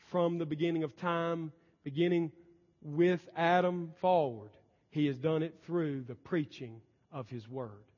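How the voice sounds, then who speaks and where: A male pastor preaching a sermon emphatically, his volume swinging between loud and soft. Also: fairly high pitch. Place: church sanctuary. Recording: dull lo-fi church recording with long reverb.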